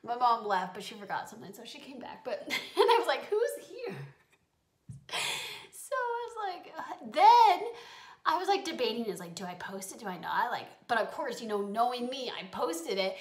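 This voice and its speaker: A woman's voice: a little high, big pitch swings, normal speed, poor audio. A young woman vlogging at home, chatting casually and confessionally, laughing often and filling her talk with "like". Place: home during quarantine.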